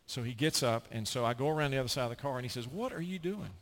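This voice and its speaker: The pastor, a middle-aged American, talks very fast at a medium pitch. His sermon is animated and story-driven, with quoted people acted out rather than just recited.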